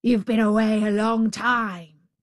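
A woman voicing a savage, impatient male tiger with a loud, bossy, blustering manner. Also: high-pitched, very animated, drawn-out words, dry recording, studio quality, voice pushed up, full character voice. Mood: growling.

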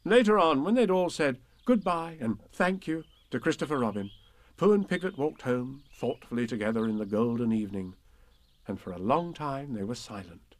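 Gentle man reading a storybook. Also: medium pitch, expressive, moderate pace, dry recording. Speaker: narrator.

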